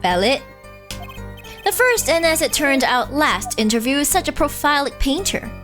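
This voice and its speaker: Woman doing a brash male tabloid journalist, self-important, high and bouncy, game-dialogue read. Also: normal speed, soft background music. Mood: boastful. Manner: ends boasts with a spoken "end quote"; excitable, jumping pitch. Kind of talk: reading game dialogue aloud.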